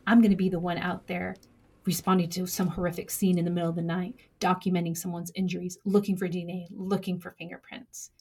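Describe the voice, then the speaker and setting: Husky young woman telling a true story. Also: fairly low pitch, flat delivery, darkish tone. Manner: measured, dramatic pauses, acts out quoted lines.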